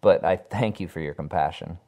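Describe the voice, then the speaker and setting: A man voicing a frightened young office worker who pleads in shrill panic. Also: moderate pace, dark tone. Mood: panicked.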